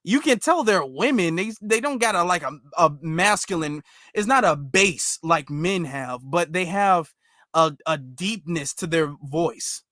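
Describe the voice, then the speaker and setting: A man's voice: fairly high pitch, lively intonation, a little slow, bright, forceful tone, no echo, studio quality. A man hosting a commentary video, reacting to clips with emphatic rhetorical questions and a rambling delivery full of fillers. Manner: rambling, with many fillers and restarts. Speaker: commentary host.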